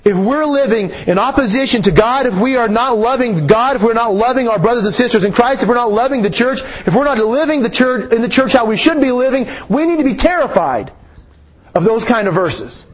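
High-voiced preacher man, slow and emphatic. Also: lively intonation. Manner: slow emphatic delivery, rises on key phrases. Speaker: pastor. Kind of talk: sermon.

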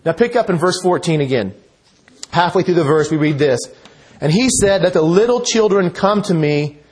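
A man's voice: a little high, lively intonation, moderate pace, darkish tone. A man preaching a conversational sermon in a church, reading scripture and quotes with casual asides. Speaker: pastor.

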